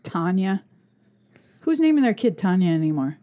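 Lively, profane woman telling stories. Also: mid-range voice, normal speed. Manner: animated, swearing storyteller who acts out voices. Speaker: podcast guest. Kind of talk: casual chat.

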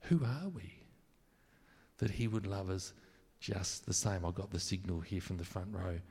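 A man's voice: low voice, measured pace, vocal fry, slightly rough. Man preaching in a reverberant hall. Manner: earnest, rising to emphatic then dropping to soft and intimate. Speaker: pastor. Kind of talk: sermon.

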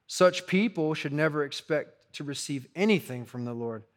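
A male preacher delivers his sermon with an easygoing, conversational urgency, often dropping in "like" and "you know". His voice sits fairly high for a man. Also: expressive, moderate pace. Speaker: pastor.

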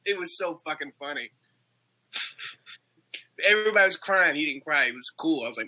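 A young man in casual chat, telling an animated story, laughing often and swearing. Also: fairly high pitch, brisk, long pauses, low-quality recording.

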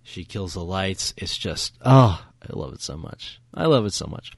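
A man's voice: low-pitched, lively intonation, moderate pace, gravelly, slightly rough, no echo. A man co-hosting a casual film podcast, retelling a scene with eager, filler-heavy enthusiasm. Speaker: podcast co-host. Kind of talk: casual film review chat.

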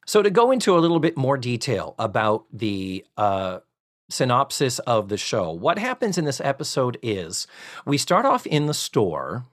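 A man in casual podcast chat walks through a sitcom episode. His pitch swings widely as he tells it. He slips into quick, sarcastic impressions of the characters. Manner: animated storyteller, acts out quoted lines with sarcasm. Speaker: podcast co-host recapping a sitcom.

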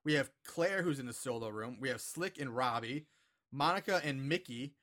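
A man's voice: medium pitch, animated, moderate pace, a bit bright. A rambling, swearing man recapping a film. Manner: rambling, profane, filler-heavy. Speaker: podcast co-host recapping a movie. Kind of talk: casual chat.

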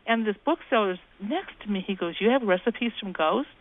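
A woman's voice: medium pitch, animated, normal speed. Chatty woman on a tinny phone line. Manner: chatty, folksy, acts out quoted voices. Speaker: guest, ghost-talking cookbook author. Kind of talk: anecdotal storytelling in an interview.

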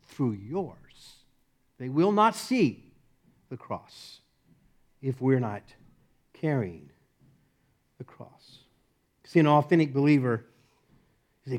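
A middle-aged man preaching a sermon as pastor, swinging from loud emphatic commands to soft, hushed lines and laughing often. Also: mid-range voice, animated, slow pace, pauses often.

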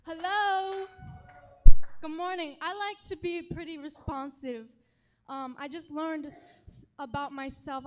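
A young woman with a bright, high voice addresses a church gathering with a comic, over-the-top story. She talks in a theatrical, animated way and plays up every setback for laughs. The sound is close and dry. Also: no echo. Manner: animated, dramatic, exaggerating for laughs. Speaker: worship leader giving a talk. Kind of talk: humorous storytelling talk to a congregation. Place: church stage.

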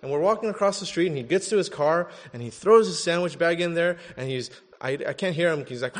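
Lively, chatty man preaching in echoing hall. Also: a little high, fast talker, hardly any pauses. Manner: animated and conversational, often asking "right?". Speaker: pastor. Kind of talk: sermon.

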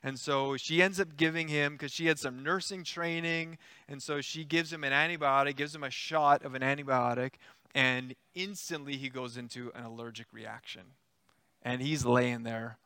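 Bright, clear-voiced male preacher. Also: on the high side, normal speed, no room sound, clean studio sound. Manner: conversational, animated retelling with acted quotes. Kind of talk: sermon storytelling.

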